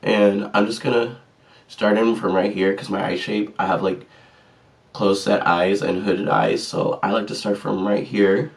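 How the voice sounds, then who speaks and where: A vlogger chats casually and sassily through a makeup tutorial, joking about his own mistakes. His fairly low voice stays fairly flat in pitch, and he speaks at a measured pace, recorded on a distant mic.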